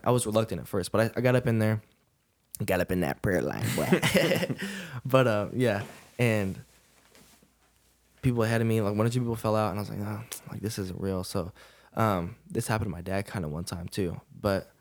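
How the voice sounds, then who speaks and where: Laid-back young man telling a story. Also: fairly low pitch. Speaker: podcast guest. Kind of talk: casual storytelling interview.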